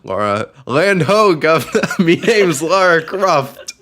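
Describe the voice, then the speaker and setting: A man's voice: fairly high pitch, big pitch swings, slow pace, fairly bright tone, slight background noise, pitched above the performer's own voice, heavily acted. A man voicing a jokey, fake-British woman playing Lara Croft, laughing as he goes. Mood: mocking. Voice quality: exaggerated fake British accent, laughing through it.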